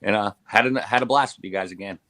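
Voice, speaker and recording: A man co-hosting a casual chat, relaxed and friendly. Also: on the low side, fast talker, dry recording. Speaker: co-host.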